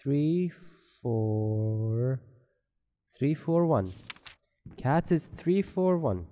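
A man's voice: medium pitch, lively intonation, very slow, warm tone, faint music behind. A man giving rambling, joking commentary while playing a horror game, swearing often. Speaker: gameplay commentator.

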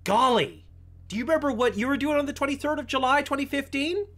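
A man's voice: very high voice, fast, a bit bright. A man hosting a gaming video, rambling playfully and swearing freely as he plays. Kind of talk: let's play commentary.

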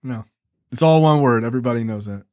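A man's voice: medium pitch, fast talker, mellow, dry recording, clean studio sound. A man co-hosting a casual film podcast, teasing his friends, laughing and swearing freely. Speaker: podcast film review co-host. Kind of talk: casual joking banter.

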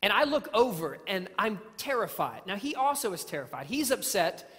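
A man's voice: sits high, very animated, moderate pace, a bit bright. A man delivers a sermon from the pulpit, earnest and self-deprecating. His words ring out with a long reverb off the church walls, and he often stumbles and restarts as he tells a story. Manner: repeats phrases and restarts words. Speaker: preacher. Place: church sanctuary.

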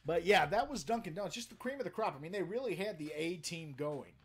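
A man telling stories to a live stream from his home den, profane and animated, swinging from loud outbursts to low mutters. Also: quick pace, slight background noise. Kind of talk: casual storytelling to a live chat. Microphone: webcam setup.

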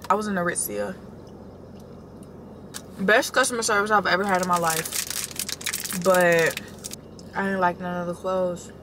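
A woman's voice: fairly low pitch, fairly even intonation, a little slow, long pauses, background noise. A young woman vlogging casually to her phone camera, chatty and sleepy, calling her viewers y'all while she runs errands. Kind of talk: casual vlog chat to camera. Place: in a car and around a mall. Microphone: phone camera held or propped.

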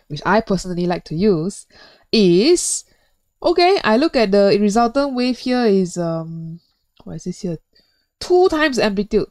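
A woman's voice: medium pitch, darkish tone, dry recording. A woman teaching physics in a recorded video lesson, chatty and playful, joking and putting questions to the viewer.

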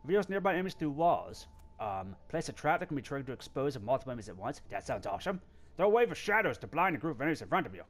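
A man's voice: mid-range voice, big pitch swings, rapid-fire. A man giving playful let's-play commentary, talking to the game and breaking into squeals and laughs. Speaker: gameplay video host.

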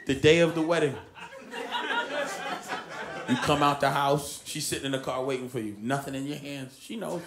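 A man's voice: on the high side, fairly quick, a bit bright. A man performing a stand-up comedy routine, telling a profane story and acting out the voices of the people in it. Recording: live club recording with audience noise. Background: audience laughter.

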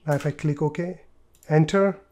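Male tutor, higher-pitched, talks through each click plainly, light typing in background. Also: moderate pace, darkish tone. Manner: explains step by step with fillers and repeats. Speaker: tutorial presenter. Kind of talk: screen-recorded software tutorial.

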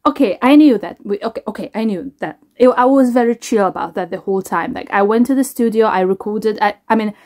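A woman, a singer, talking casually to camera in a reaction vlog, halting, restarting and trailing off as she reflects. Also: medium pitch, a little mellow.

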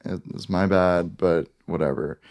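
A young male co-host with a fairly low voice tells a story in easygoing podcast chat. He is casual and pokes fun at himself. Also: steady tone, unhurried, darkish tone. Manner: easygoing, self-deprecating storytelling.

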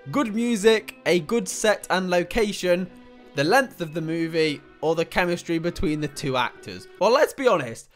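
A man, an excitable YouTuber rambling through an online quiz, swearing casually and laughing at himself. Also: high-pitched.

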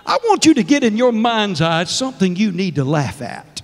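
A man's voice: sits high, very animated, moderate pace. A middle-aged man preaching as a guest minister, exuberant and laughing often, calling out to the congregation in a church. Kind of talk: sermon. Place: church sanctuary. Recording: long church reverb.

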